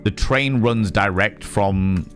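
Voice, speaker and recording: A man with a West Country accent chatting casually on a live stream, reacting to chat with quick, sweary asides. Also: fairly low pitch, a bit bright, soft background music. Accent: West Country English.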